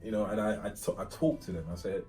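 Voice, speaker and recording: A middle-aged man hosting a podcast, telling family stories in a lively way and acting out the other voices. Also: lowish voice, fast talker. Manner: animated storyteller who acts out family dialogue. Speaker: podcast host. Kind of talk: casual conversation. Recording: distant mic with faint music.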